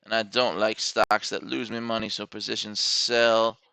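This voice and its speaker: A man's voice: on the low side, flat delivery, moderate pace, creaky, bright, forceful tone, no room sound. A man giving live commentary on his stock trades, thinking aloud and correcting himself as he places orders. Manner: self-correcting, muttering to himself over trade entries.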